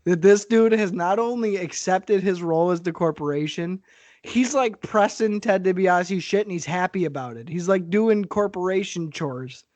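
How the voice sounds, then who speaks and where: A man's voice: sits high, moderate pace, a little mellow, dry recording. A man co-hosting a podcast in casual, profane chat, laughing often and talking with animation. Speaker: podcast co-host.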